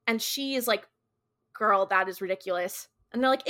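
With a medium-pitched, bright, forceful voice at normal speed, a woman co-hosting a podcast runs through a casual recap of a TV episode, chatting in slang and leaning heavily on "like".

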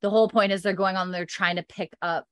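A woman's voice: mid-range voice, fairly even intonation, fast talker, a bit bright, smooth, no room sound, clean studio sound. A woman casually recapping a story as podcast host, chatty and full of fillers, laughing often.

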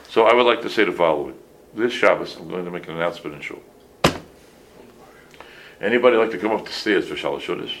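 Gravelly older rabbi telling animated stories. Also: male voice, low-pitched, fast talker, pauses often, background noise. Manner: animated storytelling with many restarts and Yiddish phrases. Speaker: rabbi giving a halacha class. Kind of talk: casual halachic shiur with stories.

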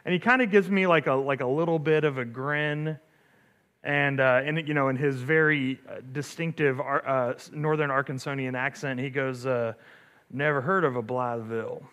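A middle-aged man, a pastor, telling a story in a relaxed sermon, full of fillers and restarts, often asking "right?". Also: medium pitch, moderate pace, clean tone.

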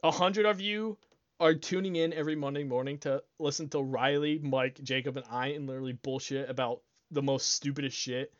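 Young male podcast host, loose and excitable, swears freely, slightly dull dry mic. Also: medium pitch, brisk, hardly any pauses, dry recording. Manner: rambling, swears a lot, excitable, laughs often. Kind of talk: casual solo podcast chat.

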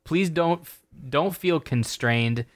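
A man's voice: on the high side, slow, no echo, studio quality. A man co-hosting a podcast, easygoing in casual comedic chat and laughing often. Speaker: podcast co-host.

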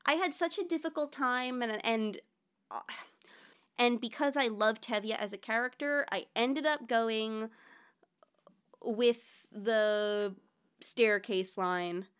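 An enthusiastic woman podcast host with a fairly high voice talks in a casual, chatty way. She comes across lively and eager, like someone hosting a relaxed chat. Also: takes it slowly, clear, resonant tone. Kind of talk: casual chat about musicals.

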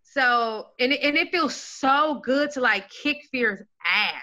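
A high, bright woman talking in a loose, animated way, often laughing and cursing. She acts out her own reactions in little quoted asides, with a sharp, forceful tone throughout. She sounds like a mother chatting openly with a friend. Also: takes it slowly. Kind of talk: casual chat.

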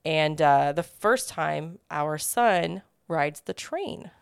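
Woman in her 30s cohosting a podcast, smooth lowish voice, upbeat, dry mic. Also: animated, takes it slowly, no echo. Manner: upbeat, chatty. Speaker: podcast co-host. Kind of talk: casual chat.

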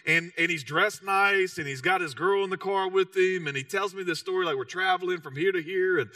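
A man's voice: sits high, a little fast, sharp tone, dry recording, clean studio sound, recorded from a distance. A man in his thirties from Texas with a Texan accent, preaching a sermon as a casual, self-mocking story full of "you know". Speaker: pastor.

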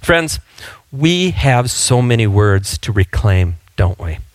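A man's voice: medium pitch, sing-song, slow pace, no room sound. A male pastor preaching a sermon in a conversational, storytelling way, with frequent fillers and restarts.

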